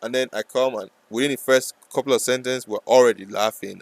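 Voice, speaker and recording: A man talking casually over a live trading stream, rambling and joking, sometimes breaking into loud playful yelling. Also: medium pitch, steady tone, a little fast, dry recording, low-quality recording.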